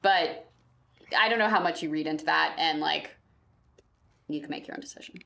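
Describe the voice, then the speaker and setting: A woman's voice: low-pitched, normal speed, gravelly, bright, forceful tone. A woman playing a tabletop game, chatty and giggly in casual talk. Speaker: player.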